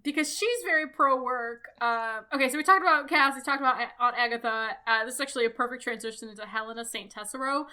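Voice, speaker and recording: A woman's voice: on the high side, quick pace, hardly any pauses. A woman co-hosting a podcast, chatting casually and jokingly with frequent swearing and an American accent. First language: English; also fluent in Russian. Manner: animated, swearing, jokey. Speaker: podcast co-host. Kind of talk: casual chat.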